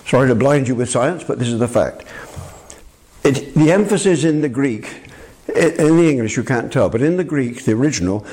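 An older man preaching a sermon in an emphatic, animated way, often addressing the listeners as his friend. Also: mid-range voice, brisk, husky.

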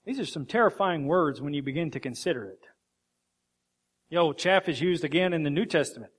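A male preacher delivering a sermon, his voice sitting a little high for a man. He talks with emphatic rhetorical questions. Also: lively intonation, fairly quick, slightly rough.

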